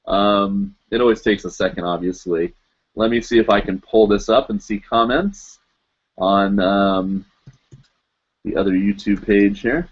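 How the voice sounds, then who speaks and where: A man's voice: fairly low pitch, unhurried, lo-fi sound. Rambling, self-mocking man in his forties. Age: 40s. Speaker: live stream host. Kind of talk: casual live-stream chat.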